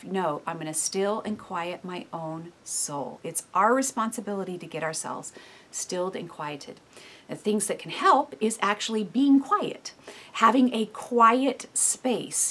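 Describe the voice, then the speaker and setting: A woman in her thirties giving a devotional teaching in a lively, expressive way, acting out inner voices and often dropping to soft, hushed tones. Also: mid-range voice. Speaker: speaker giving a devotional talk.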